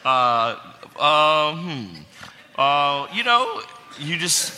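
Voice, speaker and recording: A man's voice: a little high, very animated, very slow, bright, forceful tone, faint music behind. A man guesting on a live panel, answering with dry sarcasm. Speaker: guest actor. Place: theater stage before a live audience. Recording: long theater reverb.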